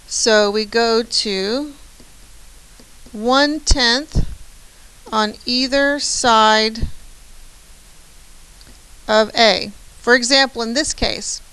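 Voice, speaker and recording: A woman's voice: fairly high pitch, sharp tone, clear, resonant tone, poor audio. A woman math teacher giving a chatty, encouraging lecture, often checking in with "right?". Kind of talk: classroom lecture.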